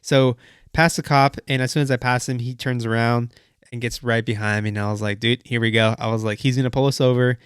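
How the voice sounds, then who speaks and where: A young man tells a story in a relaxed, rambling way, full of "like" and quoted asides. His voice is smooth and clear at an ordinary pitch. The sound is dry and close, with no room echo. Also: brisk. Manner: casual, many fillers and quoted asides. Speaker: car channel host. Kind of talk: casual storytime vlog.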